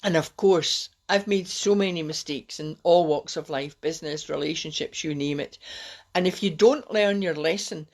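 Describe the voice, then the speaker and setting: A woman's voice: deep voice, moderate pace. A middle-aged woman, hosting a rambling, encouraging self-help talk on a live stream. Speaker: host.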